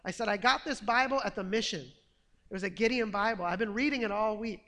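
A man telling a personal testimony story in an earnest, animated way. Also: high voice, a little fast, big-room sound. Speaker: testimony speaker.

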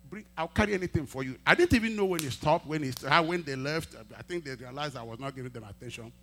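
A male pastor preaching a sermon, telling a testimony and acting out the dialogue, swinging from quiet asides to loud emphatic peaks. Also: a little high, animated, fast. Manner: acts out quoted dialogue in storytelling.

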